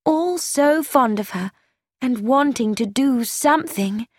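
A woman's voice: sits high, lively intonation, slow, no echo, studio quality, full character voice. A woman reading as a young woman confiding in a letter. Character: young woman writing an anxious, chatty letter. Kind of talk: scripted narration.

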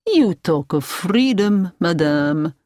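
A softly menacing old man speaks in a slow, measured, soothing way, as a woman reads him for a storybook. His voice sits low and rises and falls in lively turns. The sound is dry and close. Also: no echo. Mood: calmly menacing. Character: calm, businesslike elderly man, softly menacing captor.

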